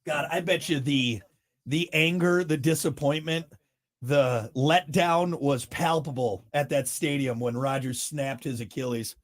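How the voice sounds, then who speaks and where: A man's voice: a little high, a little slow, dry recording. A man hosting a morning show, rambling and joking in casual banter, wired on caffeine. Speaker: show host.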